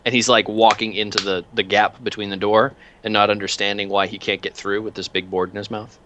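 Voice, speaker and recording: Bright-voiced man running a tabletop game. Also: lowish voice, a little fast, slight background noise. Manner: animated, rambling, many fillers. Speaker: game master.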